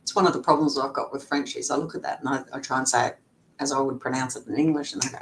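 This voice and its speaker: A woman's voice: steady tone, rapid-fire, rough recording. A middle-aged woman, a lawyer guest in a casual interview, talking chattily with frequent fillers and laughs. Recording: faint background rumble.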